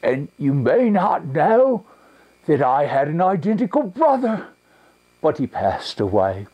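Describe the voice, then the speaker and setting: A man voicing a meek, simple hunchbacked old bell-ringer, slow and breathy. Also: a little high, very animated, mellow, lo-fi sound, exaggerated voice.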